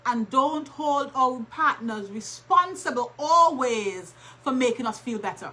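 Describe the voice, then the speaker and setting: A woman's voice: high voice, expressive, measured pace, pushed and bright, low-quality recording. A woman co-hosting a casual advice talk, speaking emphatically and repeating her key points. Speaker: co-host.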